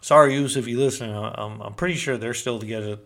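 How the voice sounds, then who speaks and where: A man's voice: mid-range voice, fast talker, creaky, fairly bright tone. A man from Northern California telling a rambling personal story in casual, slangy street talk. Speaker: storyteller recounting prison life.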